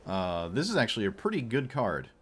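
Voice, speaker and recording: A man's voice: lowish voice, wildly swooping pitch, fairly quick, husky. A man streaming a card game, giving playful, joking commentary and talking at his opponent. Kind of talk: casual gameplay commentary.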